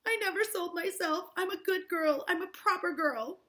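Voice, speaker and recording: A woman reading aloud and voicing a scheming teenage girl accused of witchcraft, speaking high and pleading. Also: normal speed, sharp tone. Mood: accusing.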